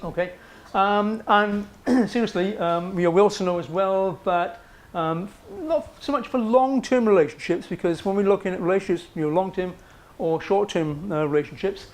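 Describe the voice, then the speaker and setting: A man's voice: high-pitched, moderate pace. A man giving a university psychology lecture in a conversational way, often checking in with "okay" and fillers. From Wales. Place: lecture room.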